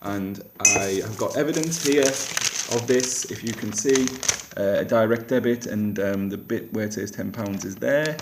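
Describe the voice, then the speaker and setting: A man's voice: on the low side, measured pace, few pauses, very noisy. Rambling man, roomy sound. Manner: self-deprecating, rambling with restarts. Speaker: comedian vlogger. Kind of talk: casual rambling vlog. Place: rented flat. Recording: echoey room.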